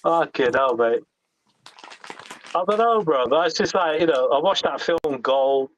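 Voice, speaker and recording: A man's voice: a little high, animated, unhurried, a little hiss or hum. A man chatting casually, enthusiastic and sweary, laughing easily as he talks. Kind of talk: casual chat. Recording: dull lo-fi sound.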